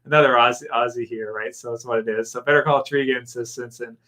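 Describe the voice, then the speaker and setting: A man's voice: medium pitch, steady tone, quick pace, bright, forceful tone. A man hosting a casual live stream, reading out viewer comments and rambling in a friendly way with lots of fillers. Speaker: YouTube channel host.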